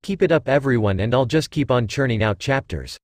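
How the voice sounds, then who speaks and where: A man reading fanfiction aloud, with a lively, swinging pitch. He sits close in a dry, dead sound, moving from chatty notes into steady narration. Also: fairly quick, no room sound. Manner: chatty author's notes, then plain narration.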